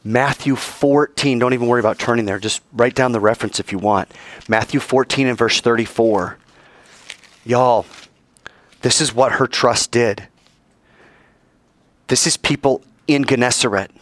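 A male preacher delivering a dramatic sermon, acting out the voices of the story and climbing high in pitch to stress his points. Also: moderate pace, long pauses, no room sound. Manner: dramatic, acts out voices and soars in pitch for emphasis.

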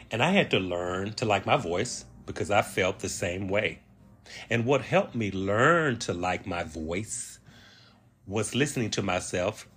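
Male host, Southern drawl, lowish husky voice, measured reflective monologue. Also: a bit bright. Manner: slow, deliberate delivery with drawn-out emphasis. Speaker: podcast host. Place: Washington, D.C.

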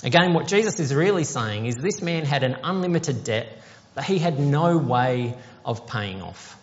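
A man's voice: medium pitch, expressive, normal speed. A man preaching a sermon, explaining a parable conversationally and asking the congregation questions. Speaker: pastor. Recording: dull sound with long hall reverb.

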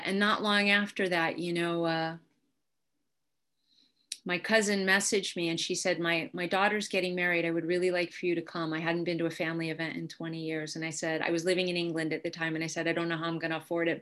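A woman's voice: fairly low pitch, level tone, brisk. Candid woman telling a recovery story. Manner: candid, wry storytelling with sudden quiet drops. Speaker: speaker sharing recovery story. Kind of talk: personal testimony talk.

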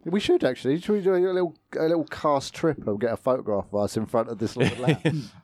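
A man's voice: mid-range voice, fast talker, darkish tone, no echo, clean studio sound. A man co-hosting a podcast in casual chat, speaking bluntly and matter-of-factly and swearing casually. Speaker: podcast co-host.

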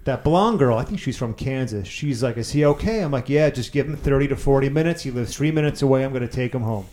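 A man's voice: medium pitch, animated, quick pace, a little mellow. A man hosting a casual chat, animatedly retelling a story, acting out quotes and swearing freely.

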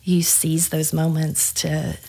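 A woman who works as a pastoral care pastor tells a personal story in a podcast conversation, animated and acting out the dialogue. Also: low-pitched, slow pace, gravelly, husky. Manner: lively storyteller, acts out dialogue.

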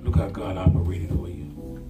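A man's voice: deep voice, level tone, normal speed. An older man preaching a sermon as pastor, colloquial and emphatic, with call-and-response lines to the congregation. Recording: echoey room with loud guitar music.

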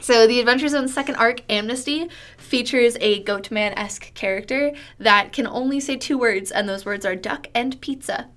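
A woman co-hosting a casual podcast, eagerly relaying strange facts from her research. She giggles easily. Her voice sits a little higher than most women's. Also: normal speed, fairly bright tone. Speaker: podcast co-host. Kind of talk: casual chat, reading out story research.

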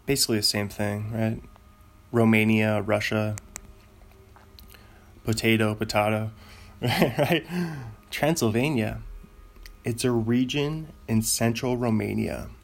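A podcast host with a gravelly, mid-range voice talks solo in a loose, casual way. He rambles along and laughs at his own jokes on his show.

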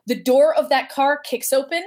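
A woman's voice: high voice, normal speed. A woman guest telling a personal story casually, acting out the voices she quotes. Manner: animated, acts out quoted voices.

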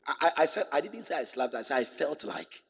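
A man's voice: fairly high pitch, very animated, fast, gravelly. A male pastor preaching a sermon, emphatic and fond of repeating rhetorical questions to his congregation. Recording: echoey hall with long reverb.

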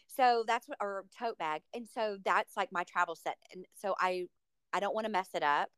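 A woman hosting a podcast interview, gushing with enthusiasm about what she loves. Her voice is medium in pitch and sits dry and close to the mic. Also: normal speed, fairly bright tone, smooth, no room sound. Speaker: podcast host. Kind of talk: casual interview.

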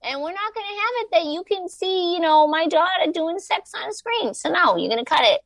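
A woman's voice: very high voice, very animated, a little fast, a bit bright, dry recording, voice pushed up, full character voice. A woman imitating her strict, protective mother scolding her older daughter. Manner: exasperated scolding.

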